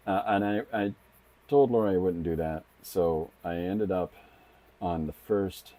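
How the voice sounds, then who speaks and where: Low mellow-voiced middle-aged man. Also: a little slow. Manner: rambling, thinks aloud with frequent restarts. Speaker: comic artist streaming his drawing. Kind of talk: casual live-stream chat while drawing.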